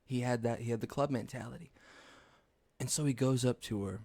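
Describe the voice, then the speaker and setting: A man's voice: mid-range voice, steady tone, fairly quick, gravelly, a little mellow, dry recording. A young man hosting a podcast, rambling through casual, profane stories and laughing at his own jokes. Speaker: podcast host. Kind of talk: casual storytelling monologue.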